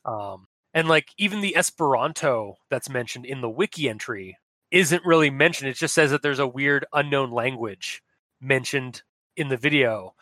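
A man's voice: medium pitch, lively intonation, normal speed, sharp tone, dry recording. A man co-hosting a podcast in casual chat, rambling with many restarts and frequent laughs. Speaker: podcast co-host.

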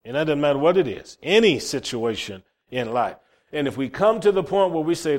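A man's voice: fairly high pitch, lively intonation, brisk. A man preaching a sermon, fervent and emphatic, often repeating words as he starts a phrase. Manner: fervent, rising to loud emphatic peaks.

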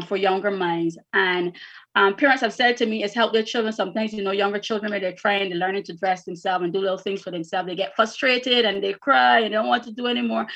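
An earnest woman educator answers interview questions, circling back on her words as she thinks. Her pitch sits at a middling level. The sound is a little dull and lo-fi. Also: fairly bright tone. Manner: earnest, repeats words while finding them. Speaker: educator and academy founder.

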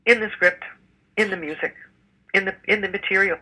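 On a low-quality recording, an older musical theater actress talks as a guest in a relaxed interview, full of fillers and false starts. Her mid-range voice is pushed and bright, slightly rough, and she speaks fairly quickly.

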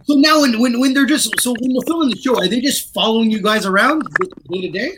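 A man's voice: extremely high pitch, fast talker, background noise. A man hosting a podcast, asking a guest questions like an eager fan and laughing often. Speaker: podcast host. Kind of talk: casual interview chat.

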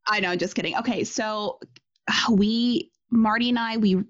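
A woman's voice: mid-range voice, fairly even intonation, normal speed. A young woman co-hosting a podcast, chatting casually and telling a story with lots of giggles and quoted asides. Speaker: podcast co-host. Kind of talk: casual chat. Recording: slightly dull lo-fi audio.

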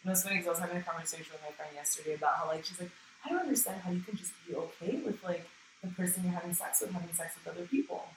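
A woman's voice: fairly low pitch, rapid-fire. A woman talking frankly and casually in a conversation, swearing freely and often acting out what she said. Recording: roomy sound from some distance with faint noise.

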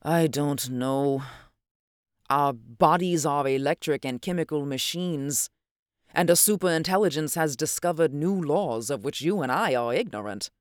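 A reader voicing an elderly scientist man who speaks in a grave, measured, thoughtful way in an audiobook reading. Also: mid-range voice, dry recording, clean studio sound, natural voice.

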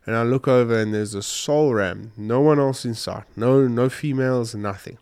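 A man's voice: medium pitch, moderate pace, a little mellow, clean tone. Emotional man telling a hunting story. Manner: emotional, rambling retelling with restarts. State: choked up, sniffly. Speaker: hunting vlogger. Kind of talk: casual storytelling to camera.

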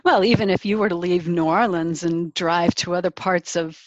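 A woman's voice: lowish voice, steady tone, normal speed, no echo, muffled recording. A woman hosting a podcast, chatting casually and laughing easily with her guest. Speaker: podcast host. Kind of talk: casual interview chat.

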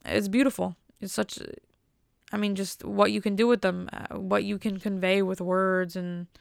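A young American woman chats casually in a rambling, wry monologue. Her voice has a heavy vocal fry over a smooth, clear tone, and her pitch stays fairly flat. The sound is close and dry. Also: moderate pace, no room sound. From United States. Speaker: vlogger.

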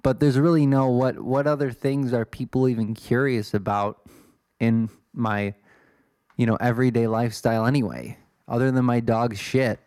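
A man's voice: medium pitch, fairly even intonation, normal speed, darkish tone, no room sound, studio quality. Rambling self-deprecating young man. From Illinois, USA. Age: 20s. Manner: self-deprecating, swears, wanders off topic. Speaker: podcast host. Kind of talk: casual rambling monologue.

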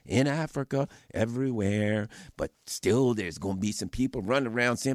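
A man's voice: medium pitch, normal speed, hardly any pauses, no echo, studio quality. A middle-aged man giving fiery, angry political commentary, full of rhetorical questions and mocking quoted voices. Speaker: radio guest commentator.

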